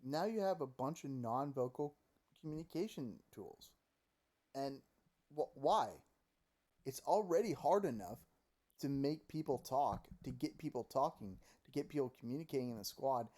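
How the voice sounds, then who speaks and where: A man in the middle of a fast, swearing rant about a video game, talking straight into a close desk mic at home. His voice sits in an ordinary middle pitch, and he keeps slipping into mocking impressions of other players. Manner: profane, animated ranting with mocking quoted voices. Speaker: gaming commentator. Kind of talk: casual opinion rant.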